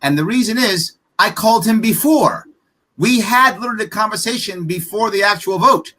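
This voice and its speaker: A man's voice: high voice, animated, normal speed, bright, forceful tone. A man being interviewed on a podcast as a political candidate, talking emphatically and bluntly, firing off rhetorical questions. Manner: profane, frank.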